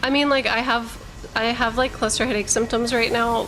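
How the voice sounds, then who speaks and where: This woman's voice sits a little high, with fairly even intonation, a normal pace, and a fairly bright tone, plus a bit of hiss or hum in the recording. Chatting casually on her stream and reading viewer messages, she rambles through fillers and restarts, swears liberally, and slurs slightly as she struggles to articulate.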